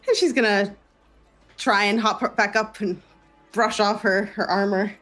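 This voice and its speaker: A woman playing a tabletop role-playing game, lively and playful, laughing often. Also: mid-range voice, a little slow, long pauses, soft background music. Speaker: player. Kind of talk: tabletop role-play, animated in-character talk.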